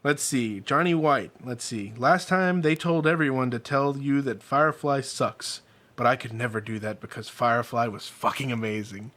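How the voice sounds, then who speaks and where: A man's voice: medium pitch, normal speed, fairly bright tone. A man co-hosting a casual podcast chat, rambling and swearing, often acting out quotes from shows. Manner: profane, rambling, acts out quotes. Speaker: podcast co-host.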